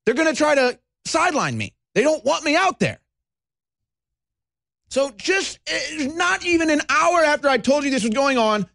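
A man with a high, lively voice rants at his audience, sighing and slipping into mocking voices. He hosts his own show, and the sound is dry and close. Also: dry recording. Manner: fast, animated, mocking voices, sighs. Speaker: host. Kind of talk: ranting monologue.

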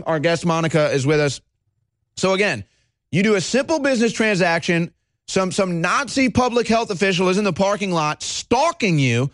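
A male talk show host delivering a heated, agitated monologue, swinging between low intensity and shouting. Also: animated, moderate pace, no echo, clean studio sound.

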